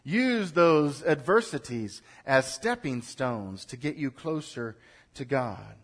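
A man preaching a sermon to a congregation, building from quiet urging to loud exhortation and leading it in call-and-response. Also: mid-range voice, lively intonation, takes it slowly. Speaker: pastor. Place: church in front of a congregation.

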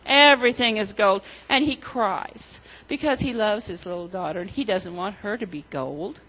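A woman leading a children's sermon, telling a story gently and asking the children questions. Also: medium pitch, moderate pace, breathy edge, poor audio.

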